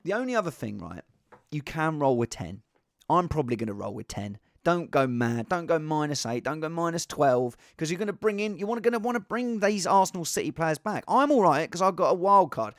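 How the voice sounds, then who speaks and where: A man's voice: a little high, very animated, fairly quick, no echo, clean studio sound. A man chatting casually on his own as a fantasy football vlogger, rambling with restarts and asides. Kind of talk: casual solo chat.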